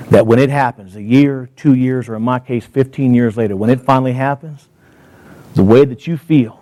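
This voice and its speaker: A middle-aged man speaking to an audience as a motivational speaker, moderate in pitch. He tells a personal story in an earnest, heartfelt way, and he slows down for dramatic pauses. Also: dark tone.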